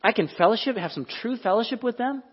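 Animated preacher in an echoing hall. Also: male voice, extremely high pitch, quick pace, breathy edge. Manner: conversational, animated, asks the audience questions. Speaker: pastor. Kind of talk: sermon. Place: church hall. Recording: dull, lo-fi recording in a reverberant hall.

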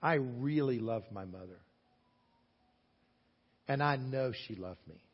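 Earnest Southern preacher in an echoing hall. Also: male voice, animated, slow pace, slightly rough. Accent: Southern American. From American South. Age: 60s. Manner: earnest, emphatic, swings between loud stresses and quiet low asides. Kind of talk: sermon. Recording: long hall echo, dull lo-fi sound.

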